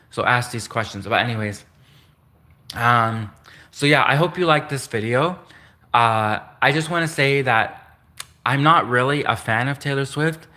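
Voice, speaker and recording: A man's voice: medium pitch, pushed and bright. A man hosting a solo livestream, talking in a rambling way, restarting and repeating himself and chuckling at his own slips. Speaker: livestream host.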